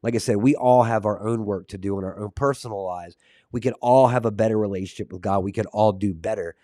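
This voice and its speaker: A man's voice: on the low side, fast, dark tone, no room sound. Fervent man preaching close to a dry mic. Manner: earnest, reads verses aloud, drifts into asides to chat viewers; fillers and restarts, fervent and condemning tone. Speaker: Christian podcast host. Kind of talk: casual preaching with scripture reading.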